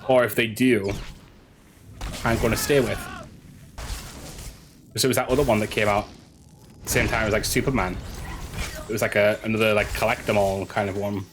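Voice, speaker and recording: A man's voice: on the low side, fairly even intonation, moderate pace, pauses often, background noise. A man streaming a game, chatting casually with his chat, stumbling over and repeating words as he rambles and swears now and then.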